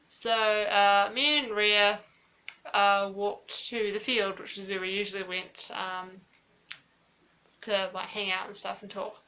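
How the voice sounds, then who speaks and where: A woman's voice: mid-range voice, fairly even intonation, a little slow, bright, forceful tone. A woman vlogger telling a personal story in a casual, chatty way, full of fillers and acted-out quotes.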